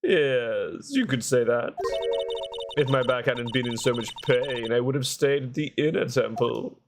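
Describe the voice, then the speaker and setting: A man's voice: medium pitch, animated, measured pace, over loud music. A man voicing a brash, teasing older woman who is head of a temple, reading game dialogue aloud. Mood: chatty. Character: older woman, head nun, bold and cheeky.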